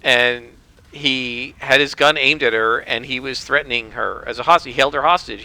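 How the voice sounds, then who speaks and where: A man's voice: mid-range voice, fairly quick, gravelly, bright, forceful tone, dry recording. A man hosting a casual solo podcast, rambling and opinionated as he comments on a list. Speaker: podcast host.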